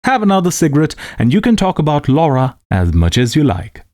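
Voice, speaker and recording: A man's voice: a little high, wildly swooping pitch, fairly quick, a little mellow, no room sound, studio quality, voice pushed up. A man voicing a jovial young painter who talks in a hearty, amused, emphatic way.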